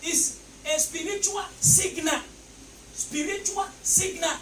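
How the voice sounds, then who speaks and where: A man's voice: extremely high pitch, expressive, normal speed, pauses often. A man preaching a sermon emphatically, repeating phrases and leading the congregation in call-and-response. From Nigeria. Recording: echoey, distant mic, noisy.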